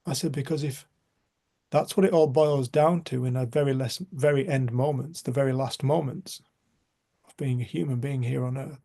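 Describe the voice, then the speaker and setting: A man's voice: medium pitch, fairly even intonation, normal speed, dark tone. A middle-aged man, leading a group and telling a personal story in an earnest, heartfelt way, often dropping to a near-whisper, heard over a video call. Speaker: group facilitator.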